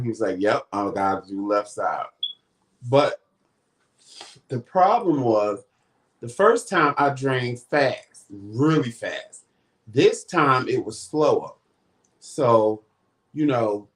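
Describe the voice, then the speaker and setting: Man telling a story, casual vlog. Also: mid-range voice. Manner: animated retelling with quoted dialogue. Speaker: vlog host.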